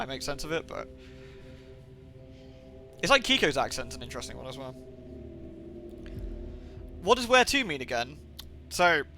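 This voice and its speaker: A man's voice: on the high side, bright, forceful tone. A man from the southwest of England with a mixed Somerset and Birmingham accent, rambling casually and swearing freely while he streams a game from home. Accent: Somerset and Birmingham mix. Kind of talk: casual live-stream chat.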